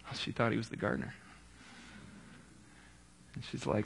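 A man's voice: fairly low pitch, level tone, moderate pace, creaky, long pauses, a bit bright, slight background noise. A man preaching a casual sermon, retelling scripture in a conversational way with quips and asides.

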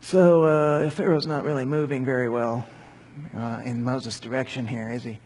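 A man's voice: mid-range voice, fairly even intonation, moderate pace, darkish tone, a little hiss or hum. A man giving a casual Bible commentary with conversational asides. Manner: conversational with asides and acted quotes. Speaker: Bible teacher. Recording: long hall reverb.

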